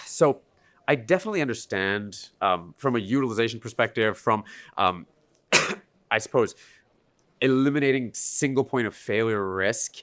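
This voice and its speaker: A man's voice: mid-range voice, animated, normal speed, crowd noise. A man hosting a podcast interview, speaking conversationally and asking his guest for plain-language explanations. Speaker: podcast host.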